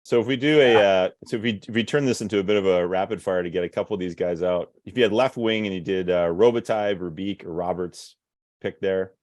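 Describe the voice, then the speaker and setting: A man's voice: low-pitched, fast, darkish tone, no echo, studio quality. A man hosting a casual sports interview, often restarting his questions. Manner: hesitant, starts over often. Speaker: host.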